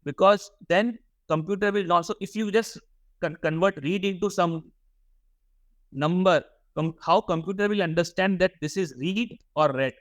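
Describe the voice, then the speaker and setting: A man's voice: high voice, normal speed, dry recording. A young man teaching a workshop class, often repeating words and putting questions to the students. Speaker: workshop instructor. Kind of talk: classroom lecture.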